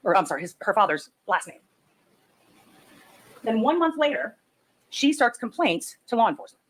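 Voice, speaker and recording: A woman prosecutor giving a closing argument to a jury, building her case methodically and forcefully. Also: fairly high pitch, very animated, moderate pace, poor audio.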